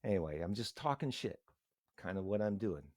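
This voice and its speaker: Low-voiced middle-aged guy rambling earnestly on a stream, dry close sound. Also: lively intonation, darkish tone, dry recording. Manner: earnest, halting, rambling with restarts. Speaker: live streamer. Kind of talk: casual emotional live-stream talk.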